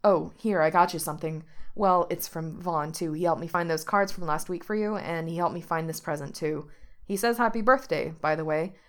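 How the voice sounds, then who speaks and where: A woman's voice: lowish voice, normal speed, lightly acted. A woman voicing a flustered, nerdy young man who pleads and yelps when teased. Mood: nervous. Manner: panicky, pleading, yelping.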